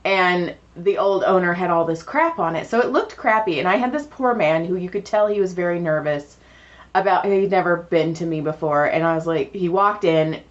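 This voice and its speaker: A woman's voice: on the low side, moderate pace. A woman co-hosting a podcast, telling stories in casual chat and acting out the dialogue of the people in them. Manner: animated, acts out quoted dialogue. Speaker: podcast co-host. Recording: dull lo-fi podcast audio.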